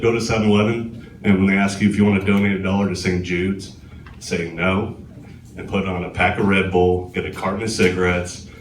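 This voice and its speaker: A man's voice: on the low side, recorded from a distance, a little hiss or hum. Sardonic male comic in an echoey club. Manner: sardonic, self-deprecating delivery. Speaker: stand-up comedian. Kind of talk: live stand-up set. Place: comedy club stage.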